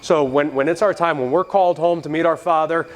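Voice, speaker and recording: A man voicing a calm older priest and Air Force veteran, who talks in a reassuring, folksy way. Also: on the high side, brisk, close to an everyday voice.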